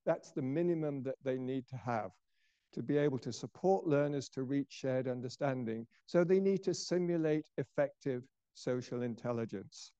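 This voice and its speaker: A man's voice: mid-range voice, clean tone, no room sound. Older man lecturing, dull lo-fi sound. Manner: measured, explanatory, drops softer at phrase ends. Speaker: professor giving a lecture. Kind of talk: lecture presentation.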